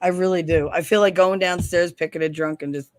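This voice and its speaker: A woman's voice: lowish voice, fairly even intonation, brisk, background noise. Blunt, profane middle-aged woman. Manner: blunt, profane, laughs often. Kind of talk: casual livestream chat.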